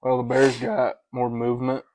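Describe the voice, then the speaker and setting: A young man co-hosting a podcast in casual chat, telling stories with lots of swearing and throat-clearing. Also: medium pitch, completely flat delivery, normal speed, darkish tone, dry recording, poor audio. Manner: profane storytelling, clears throat often. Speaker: podcast co-host.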